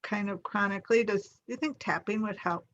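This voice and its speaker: A woman's voice: mid-range voice, a little fast, fairly bright tone. Female class participant, curious questioner, dull lo-fi sound.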